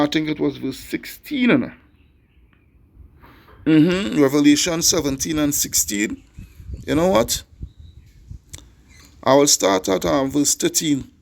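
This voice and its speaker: A middle-aged man with a Caribbean English accent preaches emphatically in a street-sermon style, his voice a little high for a man and gravelly. He stumbles over repeated words while building his point, then reads scripture slowly and deliberately.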